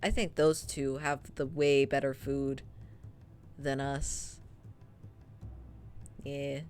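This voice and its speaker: A young woman streaming, telling a work story in casual chat, laughing often and filling pauses with ums. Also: very deep voice, little pitch movement, a little mellow. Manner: chatty, laughs often, many ums and trailing asides.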